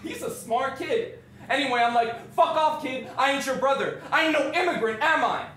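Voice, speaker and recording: An actor playing a brash, streetwise young Canadian man who tells a story in slangy speech with shouted bursts, in a stage monologue. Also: sits high, lively intonation, moderate pace. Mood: swaggering. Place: theatre stage. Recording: echoey stage from far off.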